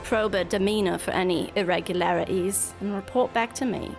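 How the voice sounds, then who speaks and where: A woman's voice: mid-range voice, fairly quick, vocal fry, music in the background, lightly acted. A woman voicing a smug, scheming male guildmaster in a game, with a put-on accent and a grand, formal delivery.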